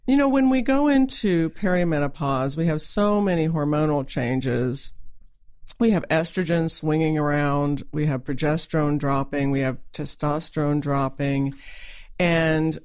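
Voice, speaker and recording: A woman's voice: low voice, a little mellow, clean tone. A woman hosting a podcast interview in a chatty way, with many ums and restarts. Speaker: podcast host, family nurse practitioner.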